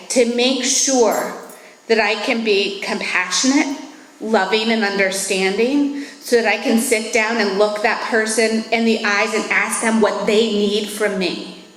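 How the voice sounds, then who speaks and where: A woman's voice: fairly high pitch, steady tone, fairly bright tone. Earnest woman speaking in an echoey hall. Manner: earnest, reflective, measured. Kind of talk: recovery meeting talk.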